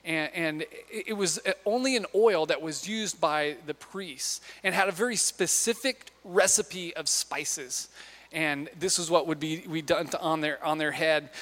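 A man's voice: on the high side, unhurried, a bit bright. A man preaching a sermon in a conversational, storytelling way, putting questions to the audience. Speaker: pastor. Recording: long hall reverb.

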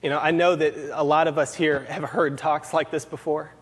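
A man's voice: fairly high pitch, little pitch movement, normal speed, breathy edge. A man preaching a sermon to a gathered group, earnest, repeating key phrases for emphasis. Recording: long hall reverb.

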